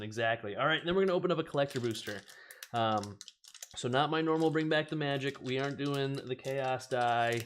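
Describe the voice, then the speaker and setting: A chatty man hosts a relaxed card-opening stream, laughing easily as he reads each card's text aloud. His voice sits at an ordinary middle pitch and his manner is loose and unscripted. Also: a little hiss or hum. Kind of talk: casual chat while opening card packs.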